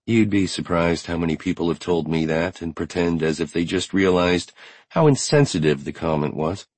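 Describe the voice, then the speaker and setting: A tired but unbending widow speaks plainly and earnestly, as a male audiobook narrator reads her lines. The voice sits very low and husky. It is close and dry, with no room around it. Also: moderate pace, a little mellow, no echo. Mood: wistful. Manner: blunt, earnest. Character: grieving widowed woman, tired but strong. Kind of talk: audiobook character reading.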